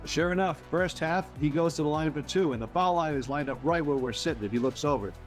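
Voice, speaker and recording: A man's voice: fairly high pitch, fast, soft background music. A male newspaper reporter recalling an anecdote in a matter-of-fact way. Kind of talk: interview anecdote.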